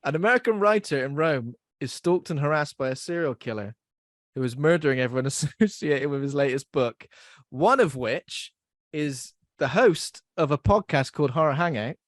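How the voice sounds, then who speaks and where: A young man hosting a podcast, talking in a loose, giggly, self-mocking ramble. His voice sits a little high for a man, and the recording is close and dry, with no room sound at all. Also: lively intonation, moderate pace, no echo. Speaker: podcast host. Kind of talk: casual podcast chat.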